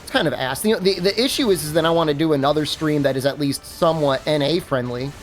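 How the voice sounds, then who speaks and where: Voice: medium pitch, fast talker, faint music behind. A game streamer chatting casually while playing, rambling with many fillers and restarts and laughing at their own stories. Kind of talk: casual livestream chat while gaming.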